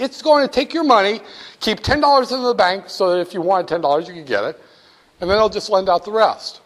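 Male instructor, high-pitched, lively and joking, lecturing a class directly. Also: a little fast. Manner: jokey, animated, talks straight to students.

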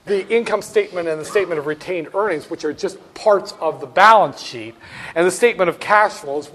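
A man's voice: on the high side, slight background noise. A man giving a classroom lecture on finance, wry and storytelling, with asides to the class.

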